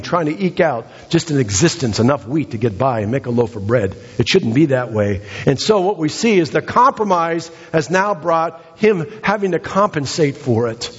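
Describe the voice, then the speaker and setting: An American man preaching a sermon in a church, emphatic, repeating phrases with sudden swings in pitch. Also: breathy edge. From United States. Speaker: pastor. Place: church sanctuary. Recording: dull sound with long hall reverb.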